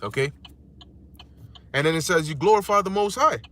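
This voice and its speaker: Bright animated guy preaching casually, slangy, pitch jumping all over. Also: moderate pace. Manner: animated, slangy, acts out insults in a squeaky mocking voice. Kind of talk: casual street sermon.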